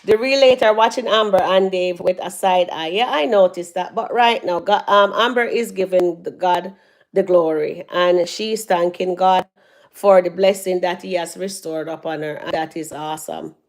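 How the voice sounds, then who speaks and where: A woman's voice: fairly low pitch, steady tone, normal speed. Chatty woman live-streaming from her phone. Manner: chatty, reads out viewer comments, laughs loudly. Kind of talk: casual live-stream commentary. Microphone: phone held at arm's length.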